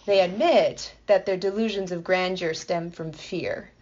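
A woman leading a conversational Bible teaching, explaining the text in a playful, enthusiastic way with lively asides. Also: fairly low pitch, measured pace, lo-fi sound.

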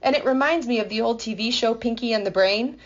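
A woman explaining a Bible passage in a playful, enthusiastic way, building excitement as she goes. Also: a little high, fast talker, lo-fi sound, slight background noise. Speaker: Bible teacher. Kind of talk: explanatory podcast talk.

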